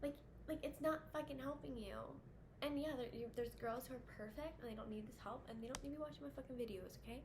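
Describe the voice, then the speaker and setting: A woman's voice: high voice, quick pace. Blunt, swearing young woman vlogger. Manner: blunt, swears a lot, chatty with many fillers. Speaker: vlogger giving dating advice to women. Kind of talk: casual to-camera rant. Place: indoors at home with air conditioner running. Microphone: camera facing her. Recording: audible background hum at home.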